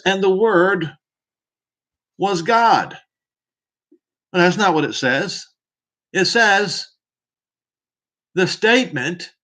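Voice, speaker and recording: A Bible teacher with a very high-pitched, sharp voice preaches his commentary on scripture. He is emphatic and fond of throwing rhetorical questions at the listener.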